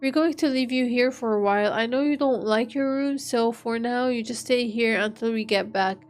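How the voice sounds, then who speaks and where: Woman playing cold masked young man, curt, scornful, high-ish voice. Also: moderate pace, clear, resonant tone, lightly acted.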